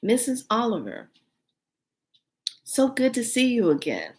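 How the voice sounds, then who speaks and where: A fawning head waitress gushes her welcome in a lifted, sweet voice. A woman acts her out within a spoken anecdote, and the voice stays slow and drawn out. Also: on the high side, wildly swooping pitch, darkish tone, pitched above the performer's own voice, heavily acted. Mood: gushing.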